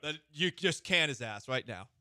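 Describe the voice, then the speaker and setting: Bright-voiced male radio co-host. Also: on the high side, expressive, normal speed, no room sound, clean studio sound. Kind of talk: sports talk discussion.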